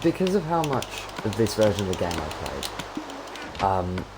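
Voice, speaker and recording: A man's voice: lowish voice, big pitch swings, unhurried. A young man chatting and thinking aloud as he streams a game, rambling casually between tasks. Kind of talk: casual gameplay commentary. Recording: noisy with keyboard clicks. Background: keyboard typing.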